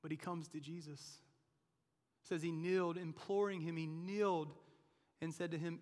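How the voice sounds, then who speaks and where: A male pastor preaching a sermon, swinging from emphatic, nearly shouted lines to low, quiet ones. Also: fairly even intonation, normal speed, pauses often. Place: church sanctuary. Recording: long reverb of a large hall.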